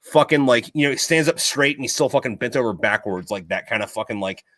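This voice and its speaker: A male podcast host in casual chat, telling long, profane stories full of fillers. His voice is bright and forceful, with a medium pitch. The sound is dry and close. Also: expressive, fast, no echo. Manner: profane, rambling storyteller.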